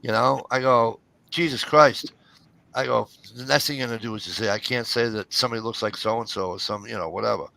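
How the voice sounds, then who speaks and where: A man with a gravelly, creaky voice that still sounds bright and forceful tells crude stories in a loose chat among friends. He acts out both sides of every conversation in his stories. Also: lowish voice, fairly even intonation, fast, few pauses, no echo. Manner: profane storytelling, acting out quoted back-and-forth.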